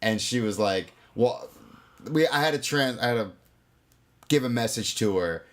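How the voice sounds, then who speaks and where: A man's voice: mid-range voice, animated, normal speed. A man with a New York accent, co-hosting a podcast in casual, rambling, profane chat. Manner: rambling, self-mocking, swears freely. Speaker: podcast co-host.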